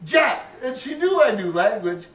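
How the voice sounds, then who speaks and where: A man's voice: on the high side, expressive, a little slow, recorded from a distance. An older man casually telling a personal story, rambling and profane, with chuckles. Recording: roomy, off-mic, faint ambience.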